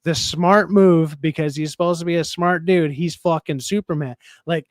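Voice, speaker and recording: A man's voice: fairly high pitch, steady tone, moderate pace, no echo, clean studio sound. A man in a casual livestream debate, arguing and teasing, with plenty of swearing.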